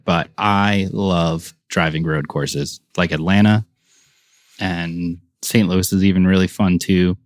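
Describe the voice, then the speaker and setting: A young man, a racing driver, chatting as a podcast guest and telling animated stories with frequent laughter. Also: deep voice, no room sound, studio quality. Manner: animated storyteller, laughs often. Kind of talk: casual interview chat.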